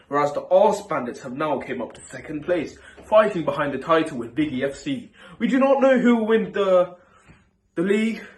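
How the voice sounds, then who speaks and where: A man hosting a parody news show, reading stories in a deadpan style and stumbling over his words. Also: high voice. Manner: deadpan, stumbling mock-newsreader delivery. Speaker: host.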